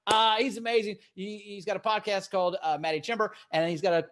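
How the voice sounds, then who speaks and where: Fast, high-voiced upbeat man. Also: fairly bright tone. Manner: upbeat, hyping. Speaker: co-host introducing comics.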